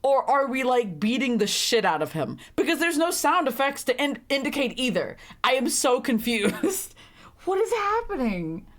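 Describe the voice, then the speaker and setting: A woman's voice: sits high, very animated, normal speed. A young woman streaming a story game, reading lines aloud and reacting with flustered, laughing commentary.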